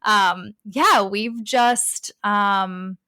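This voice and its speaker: A young woman in a relaxed interview, bouncing through her stories with bursts of laughter. She voices the people in her stories with playful lifts. Her sound is dry and close, with no room around it. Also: mid-range voice, extremely slow, clear, resonant tone, dry recording. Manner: animated, acts out quoted dialogue with laughter. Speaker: guest, spiritual reader. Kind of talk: casual interview chat.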